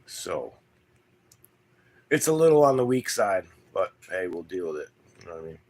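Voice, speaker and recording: A man hosting his homestead channel, chatting casually and crudely with viewers in a relaxed, rambling drawl. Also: low-pitched, normal speed. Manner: relaxed drawl with loose grammar and fillers. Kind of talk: casual livestream chat with viewers.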